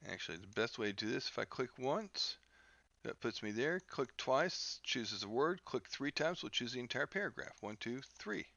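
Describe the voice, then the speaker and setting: Halting, gravelly man teaching software. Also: medium pitch, animated, no room sound, dull audio. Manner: halting, many fillers and restarts. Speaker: instructor. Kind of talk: screen-recorded software tutorial.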